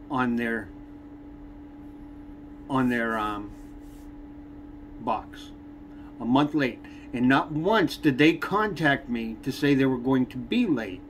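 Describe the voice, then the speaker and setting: A man hosting a fishing channel, reviewing a subscription box with irritation and frequent pauses. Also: mid-range voice, expressive, slight background noise. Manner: irritated, complaining, many "um" pauses. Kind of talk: unboxing review vlog.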